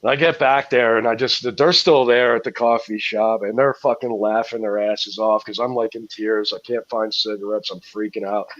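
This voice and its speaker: A man's voice: fairly low pitch, steady tone, moderate pace, few pauses, a bit bright, no room sound, highs cut off. A man guesting on a podcast, telling loose, profane stories that he laughs through. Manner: profane, rambling, laughing often. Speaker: guest touring musician. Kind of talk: casual podcast storytelling.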